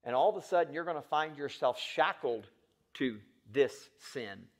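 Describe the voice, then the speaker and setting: A male pastor gives a sermon, moving between hushed, low passages and loud, urgent ones while asking the congregation questions directly. His delivery is animated and moderately paced.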